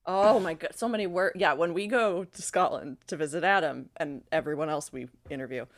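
A woman with an American accent, co-hosting a podcast in a giggly, animated way. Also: deep voice, brisk. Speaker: podcast co-host. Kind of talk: casual podcast chat.

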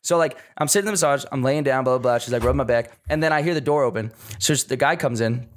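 A man's voice: mid-range voice, quick pace. A young man on a podcast, rambling through stories in casual chat, swearing a lot and leaning on fillers. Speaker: podcast co-host.

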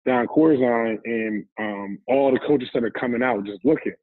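A man's voice: mid-range voice, moderate pace, dry recording. A man, a former football player, telling his story as an interview guest in an easygoing, rambling way. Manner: easygoing, rambling, recounts scenes with quoted dialogue. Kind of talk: casual storytelling. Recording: tinny, phone-like dry line.

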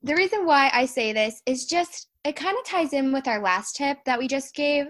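A woman's voice: sits high, lively intonation, normal speed, a bit bright. A young woman co-hosting a podcast, talking casually with lots of fillers and frequent laughs. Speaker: podcast co-host. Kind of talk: casual chat.

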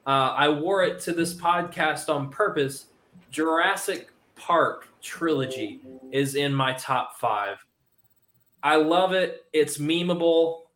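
A young man chats eagerly as a podcast co-host, tumbling through his points with plenty of ums. His voice sits a touch high, and the room around him rings with a noticeable echo. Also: slow, fairly bright tone. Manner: enthusiastic, rambling with fillers. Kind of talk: casual chat.

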